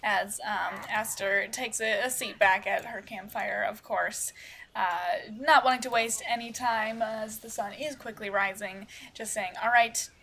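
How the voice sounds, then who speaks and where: A woman's voice: medium pitch, fairly even intonation, a little slow, vocal fry, bright, forceful tone, a little hiss or hum. A woman narrating a tabletop role-playing game as game master, casual and giggly, with many fillers.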